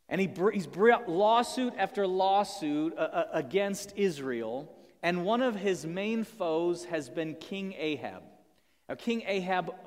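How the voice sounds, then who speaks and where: A man preaching a sermon, telling the story in a lively way with humorous asides. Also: on the high side. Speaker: pastor. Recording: long hall reverb.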